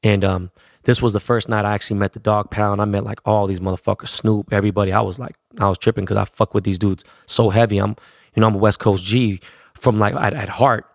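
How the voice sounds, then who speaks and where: Gravelly, profane storyteller man. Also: fairly low pitch, quick pace, no echo, studio quality. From Los Angeles. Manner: profane, slangy, animated. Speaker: podcast host. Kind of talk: casual storytelling.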